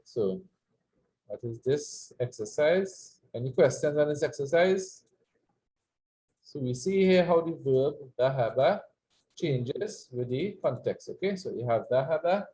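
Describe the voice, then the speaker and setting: A man's voice: fairly high pitch, lively intonation, unhurried, dark tone. A man teaching an Arabic lesson, explaining verb forms in English and having students repeat after him. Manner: patient, repeats words for students to echo. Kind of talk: classroom language lesson.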